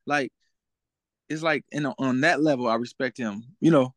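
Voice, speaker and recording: A man's voice: medium pitch, moderate pace, dry recording. A young man as a guest in a casual interview, talking in a laid-back way and often asking "you know what I'm saying?".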